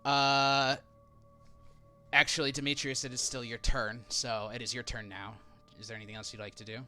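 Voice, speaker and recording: A man's voice: medium pitch, little pitch movement, sharp tone, clean tone, faint music behind. A man narrating as dungeon master, describing scenes and prompting players. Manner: brisk, plain narration with asides to players. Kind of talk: narrating a tabletop game.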